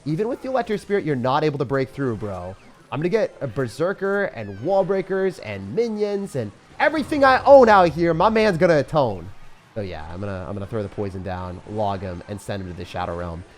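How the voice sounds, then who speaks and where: Excitable young man calling gameplay. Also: a little fast. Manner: excitable, jokey, swings from loud hype to low mutters. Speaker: gaming commentator. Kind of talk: live gameplay commentary.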